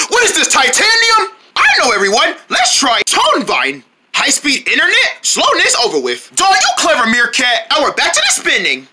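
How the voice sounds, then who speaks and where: High, animated woman doing silly skits. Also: normal speed, background noise. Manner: animated, switches between silly character voices. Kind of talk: playful skits with mock ads.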